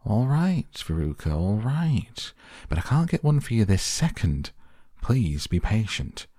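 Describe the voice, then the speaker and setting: A man voicing an excitable, eccentric male chocolate maker in a storybook reading, with a fussy, pleading manner. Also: lowish voice, measured pace, breathy edge, dry recording, studio quality, voice pushed up, full character voice.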